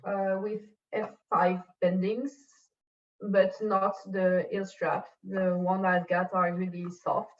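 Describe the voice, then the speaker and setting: A woman with a French accent talks slowly and haltingly, groping for English words as a guest. Her voice comes over a video call and sounds distant and muffled. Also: mid-range voice, little pitch movement. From France. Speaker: podcast guest. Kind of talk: casual interview chat. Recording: distant, dull call audio.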